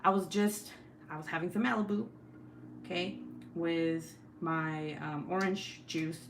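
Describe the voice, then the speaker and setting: A young woman chatting casually at home, telling profane stories and acting out the quotes in lively bursts. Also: fairly low pitch, measured pace, a little hiss or hum. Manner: profane, animated, acts out quotes. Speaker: craft vlogger. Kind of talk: casual storytelling chat.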